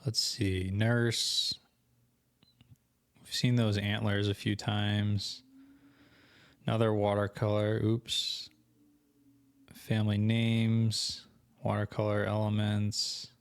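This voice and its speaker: A young man walking through a screen-share tutorial, thinking aloud casually and correcting himself as he goes, his voice going hoarse. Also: lowish voice, level tone, takes it slowly, pauses often, no echo. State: losing his voice. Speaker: co-host of an online selling channel.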